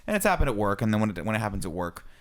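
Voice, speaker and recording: A man's voice: on the low side, very fast. A young man co-hosting a podcast, telling a story in casual chat and acting out the lines of the people in it. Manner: animated storyteller, acts out quoted lines. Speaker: podcast co-host.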